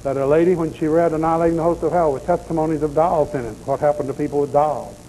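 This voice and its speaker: A man's voice: on the high side, fairly even intonation, fast, warm tone, rough recording. A man preaching a deliverance sermon in a folksy, blunt storytelling manner, with faint noise in the background.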